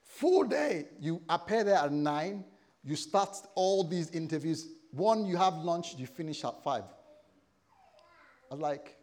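Middle-aged male preacher in his fifties, lively storyteller, slightly higher voice, mixes scripture with personal stories. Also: measured pace. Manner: animated storytelling, acting out quoted voices. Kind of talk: sermon.

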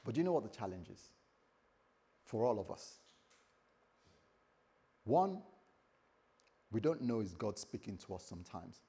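A man preaching a morning sermon as pastor, repeating phrases and swinging between loud and soft. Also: lowish voice, a little slow, pauses often, husky. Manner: lively, repetitive preaching with sudden loud and soft turns.

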